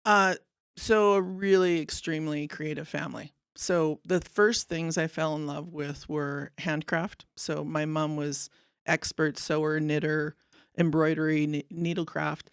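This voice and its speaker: Woman, 50s, podcast guest, earnest reminiscing, gravelly yet clear voice, dry close mic. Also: sits low, fairly even intonation, unhurried, dry recording. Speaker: guest artist. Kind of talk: casual interview.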